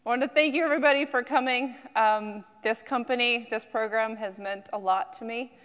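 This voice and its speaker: A woman founder gives a startup pitch to a crowd in a large hall, and her voice rings out with a long tail of reverb. She speaks earnestly and personally, filling pauses with ums. Her voice sits a little high. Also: fairly even intonation, a bit bright. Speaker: company founder and CEO.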